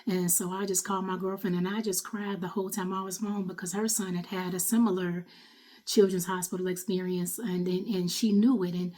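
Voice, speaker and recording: A middle-aged woman speaks in a lowish voice, telling a personal story in a loose, conversational way. She sounds caught up in the emotion of what she recounts, yet keeps talking straight through it. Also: level tone, fairly quick, dark tone. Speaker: vlogger, mother.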